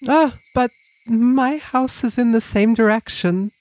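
A woman's voice: on the high side, slow pace, voice pushed up, low-quality recording. A woman playing a timid, stammering teen girl. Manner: soft, stammering pleading. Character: timid, frightened teenage girl.

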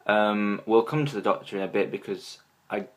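Low-voiced excitable male fan reviewer. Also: moderate pace. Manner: excitable, gushing, many ums. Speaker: TV episode reviewer. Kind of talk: casual fan review to camera.

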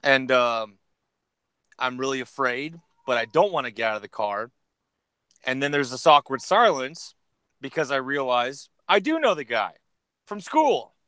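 Male co-host, casual storyteller, animated character voices, dead-dry close recording. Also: measured pace, clean tone, dry recording. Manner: animated, jumps into high voices for quoted characters. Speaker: podcast co-host.

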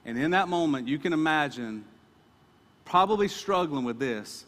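Earnest preacher in a reverberant church. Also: male voice, fairly high pitch, animated, moderate pace, fairly bright tone. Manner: earnest, emphatic, repeats words. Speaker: pastor. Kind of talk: sermon.

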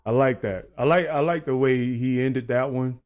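A man hosting a reaction video, who breaks down rap lyrics in a casual, animated way and repeats the lines he likes. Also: medium pitch, moderate pace, over music.

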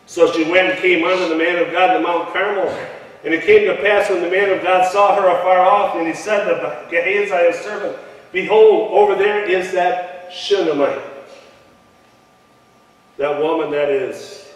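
High-voiced male pastor preaching in an echoey hall. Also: fairly even intonation, moderate pace. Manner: preaching, calls congregation to respond aloud. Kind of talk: sermon with scripture reading. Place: church sanctuary. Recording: echoey church hall from far off.

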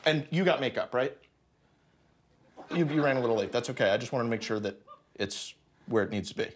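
A man's voice: medium pitch, fairly quick, background noise. A man playing a fussy director who calls cuts and gives notes on a TV set. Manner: fussy, bossy, calling cuts and giving notes. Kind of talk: directing a scene.

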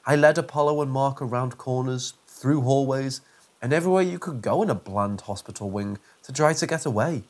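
A man narrates a first-person horror story at a steady, measured pace. His voice sits at an ordinary pitch for a man, and his delivery stays even.

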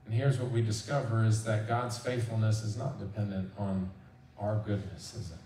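A pastor preaching a sermon in a church, talking in a casual, conversational way and acting out quoted prayers. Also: male voice, on the low side, flat delivery, moderate pace, warm tone, slight background noise. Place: church sanctuary. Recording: roomy church sound from a distance.

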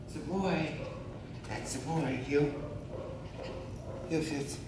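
A man's voice: medium pitch, slow pace, pauses often, background noise. A man working as a dog trainer outdoors, giving short firm commands and lifting into sing-song praise while he explains the training. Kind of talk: dog training demonstration with commentary. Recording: outdoor recording with clear background ambience.

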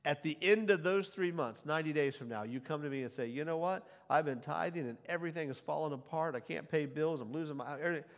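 Middle-aged pastor man preaching, kinda high voice, gets loud on the scripture bits, big hall echo. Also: fast, few pauses. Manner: animated preaching, quoting scripture loudly, then dropping to a conversational aside. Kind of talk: sermon. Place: church sanctuary before a congregation. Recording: long hall reverb.

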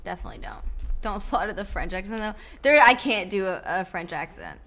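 Bright-voiced young woman streamer chatting. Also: mid-range voice, very animated. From New Jersey, US. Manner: chatty, playful, quick asides. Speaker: livestreamer. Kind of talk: casual chat while gaming and reading chat.

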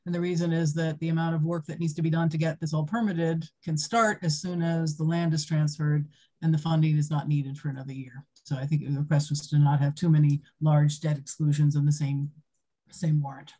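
A woman's voice: deep voice, level tone, brisk, mellow. A woman giving a matter-of-fact report at a town committee meeting. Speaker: committee liaison.

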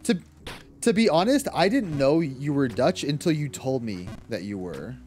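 A man's voice: medium pitch, sing-song, moderate pace, darkish tone, soft background music. An Irish man livestreaming a game, chatting casually with his viewers, laughing often and cursing at the game. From Ireland. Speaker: streamer. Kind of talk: casual gaming livestream chat.

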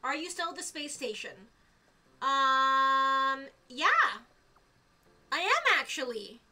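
Brief: young female streamer, very high, bright voice, excitable live commentary. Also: takes it slowly. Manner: excitable, gushing, squeals of delight.

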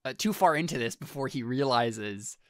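A man's voice: medium pitch, animated, moderate pace, no room sound, studio quality. A man narrating as game master for a tabletop game, in a casual way with lots of fillers.

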